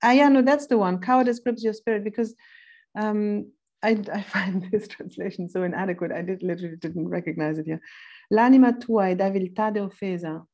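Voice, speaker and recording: A woman with a mellow, darker tone leads a philosophy seminar. She lectures thoughtfully, stopping now and then to hunt for a verse, and slows down to read passages with care. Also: medium pitch, fairly even intonation, vocal fry. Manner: thoughtful, pauses to look up verse numbers; reads quoted passages slowly and deliberately. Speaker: seminar instructor.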